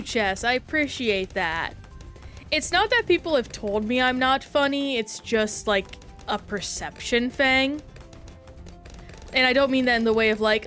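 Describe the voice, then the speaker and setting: A woman's voice: on the high side, lively intonation, measured pace, a bit bright, faint music behind. A woman streamer chatting casually while playing a game and answering chat, talking in a self-reflective, rambling way.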